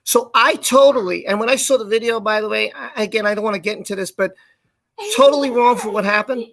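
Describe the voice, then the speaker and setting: Co-hosting a live stream, a man casually tells a personal story with animation, acting out the quoted lines. He speaks fast in a high-pitched voice with vocal fry, and there's no echo.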